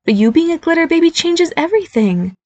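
A woman's voice: extremely high pitch, very animated, fairly quick, pitched above the performer's own voice. A woman voicing an eager, nervous fairy godmother mother who chatters and reassures, in an audiobook reading. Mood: chatty, anxious. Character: cheerful, nervous middle-aged fairy godmother mom.

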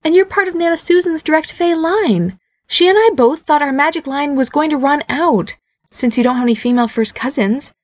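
A woman's voice: high-pitched, fairly quick, dry recording, pitched above the performer's own voice, close to an everyday voice. A woman voicing an eager, nervous fairy godmother mother who chatters and reassures, in an audiobook reading. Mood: chatty, anxious. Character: cheerful, nervous middle-aged fairy godmother mom.

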